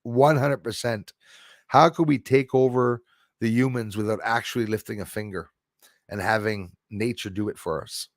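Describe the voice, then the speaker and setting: A man's voice: on the low side, fairly even intonation, normal speed, no echo, clean studio sound. A man hosting a live stream, chatting casually in a rambling way and answering viewer comments. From Quebec.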